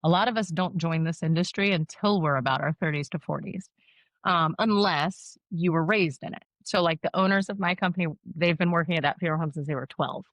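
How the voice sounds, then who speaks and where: A woman's voice: on the low side, fairly quick, a bit bright, no room sound. A woman in her thirties, a mortician, talking candidly and laughing often in a casual interview. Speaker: guest, mortician and funeral director.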